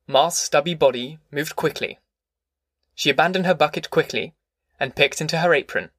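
A man narrating an audiobook novel in a steady, measured way. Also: on the high side, no echo, studio quality. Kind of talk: scripted narration.

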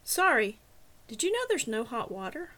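Audiobook: woman doing a young college resident, casual and plain, mid-high voice. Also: big pitch swings, normal speed, a bit bright. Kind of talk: audiobook character reading.

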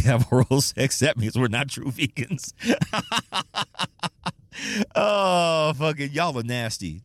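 Low-voiced man rambling with profanity. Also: no room sound. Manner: rambling, profane, laughs a lot, restarts often. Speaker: podcast host. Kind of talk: casual solo podcast rant.

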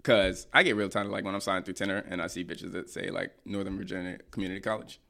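A young man co-hosting a casual chat, teasing and joking in lively banter. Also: low voice, quick pace, creaky.

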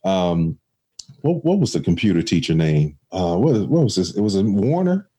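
Low-voiced man telling a story. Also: very animated, moderate pace, warm tone, breathy edge. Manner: reflective, storytelling with many restarts. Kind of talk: casual conversation.

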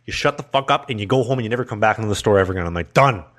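A man's voice: lowish voice, racing. A young man hosting a podcast, telling a crude work story in casual chat with lots of laughter. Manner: laughing, crude, animated anecdote. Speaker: podcast host.

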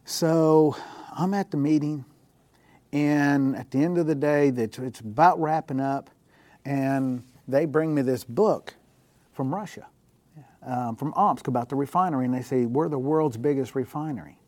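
A man's voice: medium pitch, measured pace, darkish tone, no room sound. A man, a guest on a Christian talk show, telling a personal story in a casual, anecdotal way with the occasional chuckle. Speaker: guest telling faith stories.

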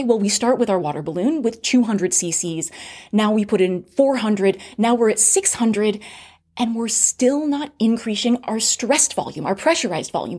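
A woman teaches a recorded medical lecture with a husky, slightly breathy voice. Her pitch swings widely as she stresses key points, and she keeps posing rhetorical questions and then answering them. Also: darkish tone. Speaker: critical care lecturer.

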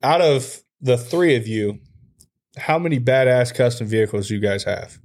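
A man's voice: mid-range voice, moderate pace, a little mellow. A young man hosting a podcast in casual chat, joking and telling stories, acting out what others said. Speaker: podcast host.

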